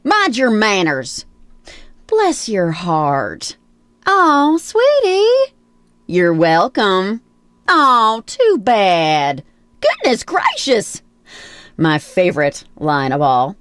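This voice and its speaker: A woman's voice: mid-range voice, huge pitch swings, very slow, a bit bright, dry recording, heavily acted. A woman voicing a sweet but sassy Southern belle, drawling her quips. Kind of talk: game character voice lines.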